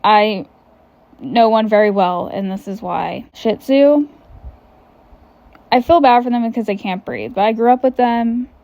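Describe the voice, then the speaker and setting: A young woman, hosting a casual chat podcast, candid and quick with asides, swearing freely. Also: fairly high pitch, a little mellow, dry recording. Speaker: podcast host.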